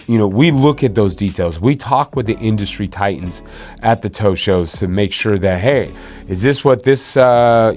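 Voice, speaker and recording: A man's voice: on the low side, a little mellow. A man hosting an insurance video series, explaining coverage in a casual, conversational way with frequent fillers and restarts.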